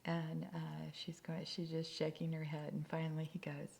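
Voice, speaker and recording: A woman tells a story as part of a sermon in a low, conversational voice with a gravelly edge. She often sinks to a near-whisper for emphasis. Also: monotone, moderate pace, a little mellow.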